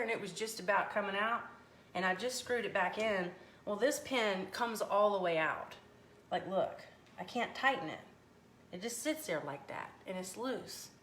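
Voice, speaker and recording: A folksy woman chats away as she cooks live in her home kitchen and answers viewers. Her voice sits at an ordinary middle pitch. The kitchen rings with echo, with a faint hum of noise behind her. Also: unhurried. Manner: chatty, folksy, animated. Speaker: cooking livestream host. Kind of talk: casual live cooking chat, reading viewer comments.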